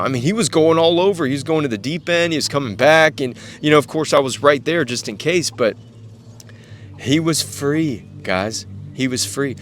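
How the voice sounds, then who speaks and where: A young man hosting a devotional podcast, talking earnestly and repetitively to other men, dropping softly on words of address. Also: fairly high pitch, moderate pace, a little hiss or hum. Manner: earnest, repetitive, drops to near-whisper on "guys". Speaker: Christian podcast host. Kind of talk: casual devotional talk to men.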